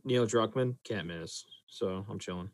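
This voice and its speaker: A man co-hosting a podcast who speaks hesitantly, restarting and trailing off softly. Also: lowish voice, unhurried, dry recording. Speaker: podcast co-host. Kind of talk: casual chat.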